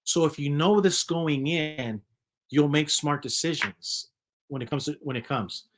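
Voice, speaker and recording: A man's voice: a little high, measured pace. A man hosting his own channel, giving advice in a casual monologue, full of rhetorical questions and repeated phrases. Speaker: channel host.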